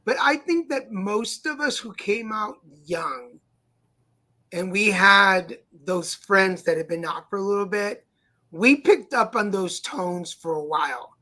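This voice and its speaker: A middle-aged man co-hosting a casual talk stream, chatty and halting with fillers and restarts. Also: sits high, expressive, pushed and bright. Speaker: co-host. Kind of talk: casual chat. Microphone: home streaming setup.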